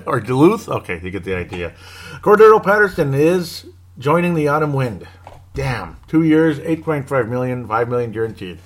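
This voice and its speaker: Rambling, wry man talking football. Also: mid-range voice. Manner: rambling, wry asides, chuckling. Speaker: sports podcast host. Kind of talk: casual solo sports commentary.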